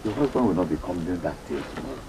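A man's voice: sits low, animated, racing, far from the mic, noisy background. A man with a Nigerian accent playing a scheming man who pursues his brother's wife in a wheedling, insistent way. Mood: sly. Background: film score.

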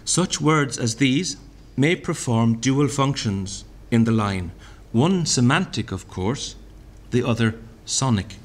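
Slow, deliberate man reading a lecture. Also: medium pitch, animated. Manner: deliberate, sounds out vowels and repeats recited lines. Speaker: speaker at a literary festival. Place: hotel function room.

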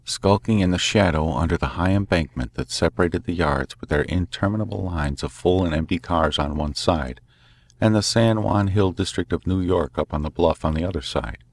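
Deep-voiced man narrating a story. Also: a little mellow. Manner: measured, dramatic storytelling. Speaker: audiobook narrator. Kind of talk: scripted narration.

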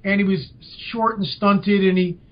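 An older man, a podcast guest, telling a story with lively emphasis. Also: high voice, unhurried. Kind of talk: storytelling in an interview. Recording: dull lo-fi audio.

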